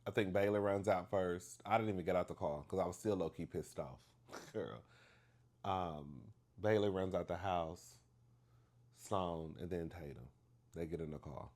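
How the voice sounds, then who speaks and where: A man telling a story to the camera in a chatty, animated way, acting out the dialogue with big emphasis and calling the listener "girl". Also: deep voice, normal speed. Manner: acts out dialogue with exaggerated emphasis.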